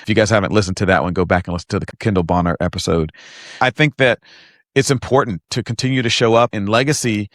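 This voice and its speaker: A man hosting a podcast interview in a relaxed conversational way, often affirming his guest. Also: fairly low pitch, fast, dry recording, clean studio sound. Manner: affirming, conversational, frequent "mm" and "yeah". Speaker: podcast host. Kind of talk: casual interview chat.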